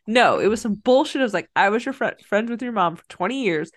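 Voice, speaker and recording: A woman's voice: mid-range voice, animated, fast, hardly any pauses. A woman casually recapping a teen movie plot on a podcast, acting out the characters' lines. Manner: recounts plot animatedly, acts out lines. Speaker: podcast co-host.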